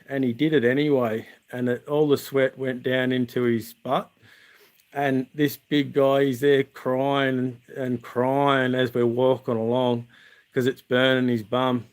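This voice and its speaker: A man's voice: medium pitch, little pitch movement, unhurried. An Australian man, the channel host, chatting on a livestream from outdoors at night and laughing through funny camp stories. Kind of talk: casual livestream storytelling.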